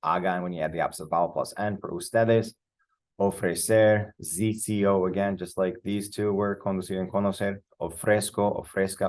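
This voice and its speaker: A man teaching a screen-share Spanish grammar lesson in a relaxed, rambling way, spelling words out letter by letter. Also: low-pitched, no echo.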